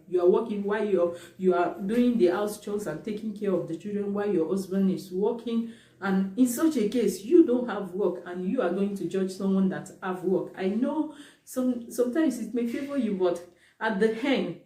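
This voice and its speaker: Mellow-voiced woman, roomy and distant. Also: mid-range voice. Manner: emphatic, repeats points for stress. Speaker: vlogger. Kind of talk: casual talk to camera.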